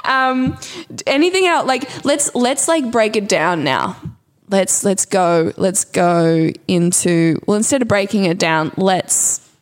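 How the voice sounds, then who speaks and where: A woman's voice: mid-range voice, animated, slow, hardly any pauses. A woman hosting a podcast, chatting casually, bubbly and laughing often. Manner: bubbly, laughs a lot, playful catchphrases. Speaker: podcast host. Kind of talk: casual chat.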